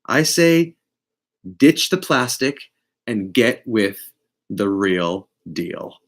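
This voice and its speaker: A man giving a casual live tarot reading, blunt and profane, with big swings in pitch and loudness. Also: sing-song, very slow. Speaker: tarot reader.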